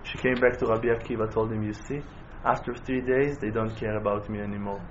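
A man giving a sermon in full of terms, telling stories in a low voice and then rising into loud, passionate exhortation. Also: steady tone, a little fast. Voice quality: non-native English with Hebrew terms. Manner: impassioned, swings from hushed storytelling to loud rising exhortation. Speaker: rabbi. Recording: dull lo-fi recording with faint noise.

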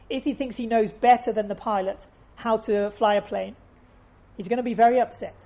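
Husky, earnest woman teaching faith. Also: a little high, mellow. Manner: earnest, repeats phrases for emphasis. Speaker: religious teacher. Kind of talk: faith lesson with storytelling.

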